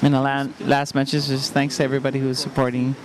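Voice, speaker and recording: A male athlete answers post-race questions with modest, halting short phrases. A lively crowd can be heard clearly around him outdoors. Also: mid-range voice. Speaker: athlete being interviewed. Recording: outdoor event with crowd behind.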